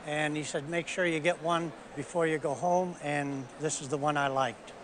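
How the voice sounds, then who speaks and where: A man's voice: on the high side, steady tone, moderate pace. An older man speaks in a slightly raised voice, recounting his story plainly and without hurry. The recording carries noticeable noise around him. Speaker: guest at an appraisal. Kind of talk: TV appraisal interview.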